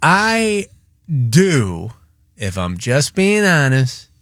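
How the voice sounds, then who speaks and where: Excitable joking radio host man. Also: fairly high pitch, drawn-out words, dry recording, clean studio sound. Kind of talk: casual radio talk.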